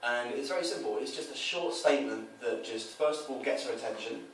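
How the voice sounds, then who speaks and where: The man talking is a dating coach, explaining his approach casually and acting out quoted exchanges in shifted voices with lots of animation. He has a mid-range voice and a fairly quick pace, picked up by a distant mic in an echoey room with faint noise.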